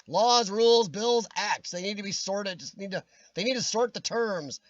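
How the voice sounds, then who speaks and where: A man's voice: high voice, normal speed, dry recording, highs cut off. A man hosting a casual livestream chat with a worn, nasal voice that sometimes cracks, jokey and rambling with frequent laughs. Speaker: livestream host. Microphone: webcam.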